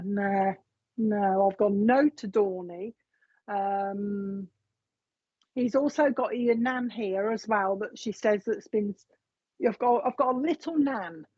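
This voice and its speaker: A woman's voice: mid-range voice, dark tone, breathy edge, dry recording. A woman giving a live psychic reading, chatting along as she relays messages from spirit. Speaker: psychic medium. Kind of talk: live reading on a streamed show. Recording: dull, lo-fi stream audio.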